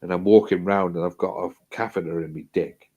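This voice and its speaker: A man's voice: low-pitched, fairly even intonation, a little fast, warm tone, lo-fi sound. A man telling a hospital story in casual chat, swearing freely, repeating himself and acting out what people said.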